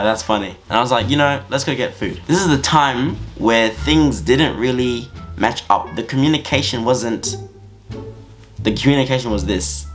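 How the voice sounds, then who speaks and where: A man telling a story-time anecdote in an animated, slangy, casual way. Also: medium pitch. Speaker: vlogger.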